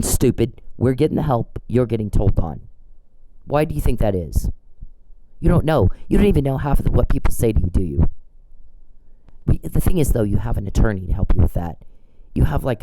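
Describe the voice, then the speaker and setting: A man's voice: fairly low pitch, background noise. A man delivering an angry, profane, scolding monologue aimed at someone who isn't there, repeating his demands over and over. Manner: confrontational, profane, scolding, repetitive. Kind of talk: angry monologue addressed to an absent person.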